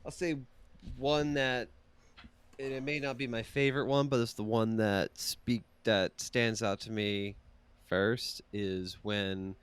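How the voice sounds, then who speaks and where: Low-voiced, hesitant male podcast guest. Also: steady tone, slow, smooth. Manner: hesitant, many fillers. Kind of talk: casual podcast chat.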